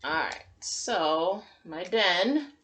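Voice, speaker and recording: A woman teacher giving a gentle, encouraging drawing lesson to young children and talking through each step as she draws. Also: on the low side, animated, drawn-out words, breathy edge. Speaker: kindergarten teacher.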